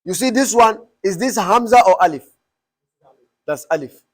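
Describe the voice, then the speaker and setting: Teacher, male, fairly high voice, quizzes the room as he explains. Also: animated, moderate pace. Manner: quizzing the class with repeated questions. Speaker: Arabic teacher. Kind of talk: classroom teaching.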